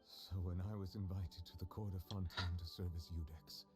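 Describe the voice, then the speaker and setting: A man voicing an ancient, dignified judge from a fantasy game, speaking in a measured and formal way. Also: sits low, fairly even intonation, over loud music, close to an everyday voice. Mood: reflective. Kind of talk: game voice acting.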